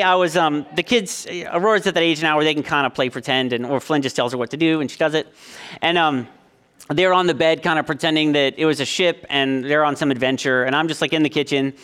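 A man's voice: a little high, a bit bright, smooth. A man in his thirties, a youth leader, preaching a sermon with self-deprecating jokes and lots of ums and likes. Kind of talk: humorous sermon.

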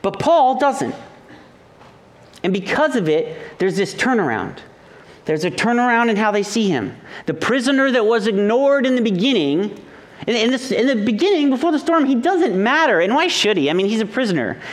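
A pastor with a notably high-pitched voice preaches in a loose, conversational way. He tells family stories with playful humor and mimics the people in them before turning to the scripture point. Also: normal speed. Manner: animated, jokey, acts out the people in his stories. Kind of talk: conversational sermon with storytelling.

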